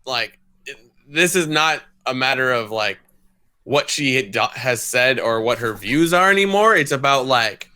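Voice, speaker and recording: A man with a bright, forceful voice chats as a podcast co-host. He talks loosely and leans on "like" as he acts out what other people say. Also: medium pitch, expressive, a little slow, smooth. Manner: talkative, full of "like" fillers and acted-out quotes. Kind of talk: casual chat.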